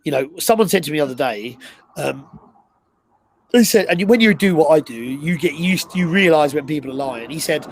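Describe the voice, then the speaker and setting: Chatty man, fairly high voice. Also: fairly quick, low-quality recording. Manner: storytelling, many fillers and restarts. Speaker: co-host and recruiter. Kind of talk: casual live chat.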